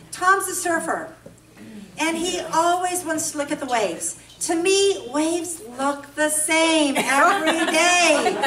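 Woman speaker from California, high bright voice, lively storytelling sermon, echoey hall, a bit off-mic. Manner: animated storytelling, playful then earnest. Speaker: women's breakfast speaker. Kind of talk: humorous sermon. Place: church event hall. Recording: echoey hall, mic at a distance, faint ambience.

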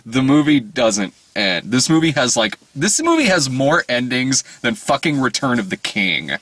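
A man's voice: mid-range voice, big pitch swings, moderate pace, a bit bright, no echo. A man hosting a casual movie review podcast, rambling and profane, laughing often as he talks.

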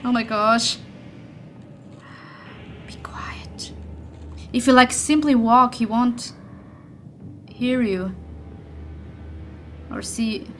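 A young woman narrates her horror playthrough in an unhurried, drawn-out way, her voice slightly raised and bright. She jumps at scares, curses under her breath and breaks into nervous laughs. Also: fairly high pitch, slight background noise. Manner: jumpy, swearing, nervous laughter. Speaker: gaming channel host. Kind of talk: let's play commentary.

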